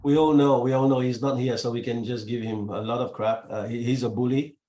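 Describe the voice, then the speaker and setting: A man's voice: medium pitch, fairly even intonation, fairly quick, mellow, reverberant. A man hosting a casual podcast chat, talking loosely with laughs and restarts. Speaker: podcast host.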